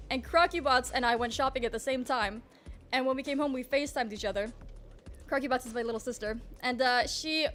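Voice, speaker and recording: A woman's voice: fairly high pitch, a little hiss or hum. A young woman streamer with a groggy morning voice, chatting in a rambling, casual way and greeting her chat. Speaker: livestreamer.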